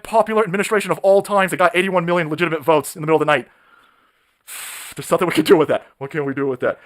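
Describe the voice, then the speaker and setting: Brief: male streamer, high voice, rapid-fire profane rant, mocking. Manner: profane, mocking, shouting rants with mimicked voices. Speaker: live stream host. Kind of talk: ranting political live stream.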